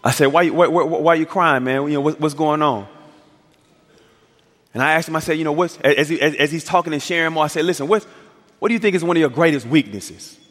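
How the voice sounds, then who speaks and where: A man's voice: on the high side, brisk, a bit bright. A male pastor preaching a sermon, telling a story with acted-out dialogue and building to emphatic peaks. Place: church sanctuary. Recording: reverberant church hall.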